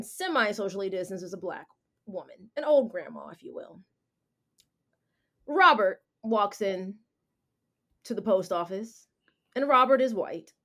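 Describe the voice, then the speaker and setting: A woman hosting a casual chat, telling a story with slang and acting out what people said. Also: mid-range voice. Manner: animated, slangy, acts out quotes. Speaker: podcast host.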